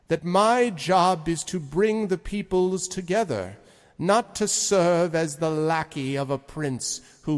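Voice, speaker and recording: A man voicing an ancient, proud male lord who speaks slowly and gravely in a tabletop game. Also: a little high, in a large hall, pitched above the performer's own voice. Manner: slow, deliberate, grave speech.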